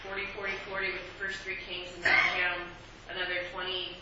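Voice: medium pitch, completely flat delivery, fast. A member of a Bible class, answering the teacher's questions from across the room. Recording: distant, echoey, noisy, dull sound.

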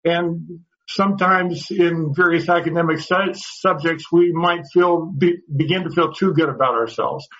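A man's voice: on the high side, fairly even intonation, measured pace, hardly any pauses, a bit bright. A man teaching a Bible study class, earnest and explaining step by step, often repeating words as he goes. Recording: dull lo-fi sound.

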